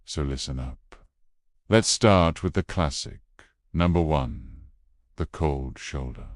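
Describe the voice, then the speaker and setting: A man giving scripted narration in a dramatic, measured storytelling manner with ominous pauses. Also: rumbling low, no room sound, studio quality.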